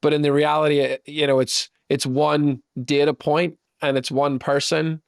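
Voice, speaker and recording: Male podcast host: even, level delivery, thinks aloud, dry close sound. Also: fairly high pitch, normal speed, gravelly, clean tone, no echo. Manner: searching, thinks aloud while framing a question. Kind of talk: reflective conversational response.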